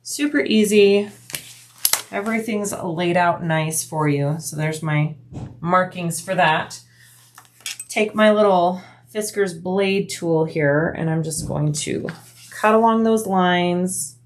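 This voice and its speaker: A woman's voice: on the low side, slow. Chatty woman demonstrating bag sewing. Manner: chatty, explains each step while working. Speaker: bag-making tutorial host. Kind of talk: casual sewing tutorial.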